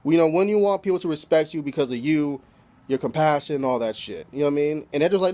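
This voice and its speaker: A man's voice: fairly high pitch, animated, fast talker, warm tone. A man casually recapping an anime episode, loose and profane, packing his talk with "you know" fillers. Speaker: anime reviewer.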